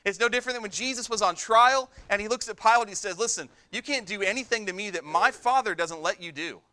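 A man's voice: high voice, sharp tone. A male pastor preaching a sermon in an emphatic way, repeating words for stress.

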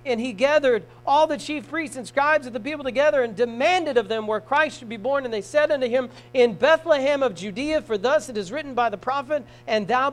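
A man preaching a sermon in a church, reading scripture aloud and swinging from soft, slow passages to loud shouting. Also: extremely high pitch, poor audio. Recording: mains hum. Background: hum.

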